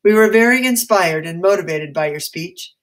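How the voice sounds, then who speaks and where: A woman voicing an eager, excitable male history teacher who gushes with admiration. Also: on the low side, normal speed, natural voice.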